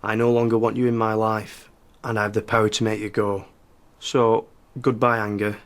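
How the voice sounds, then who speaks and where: An actor playing a subdued man who reads aloud a letter to his own anger in a careful, flat way. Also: lowish voice, normal speed, close to an everyday voice. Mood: solemn. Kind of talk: sitcom acting.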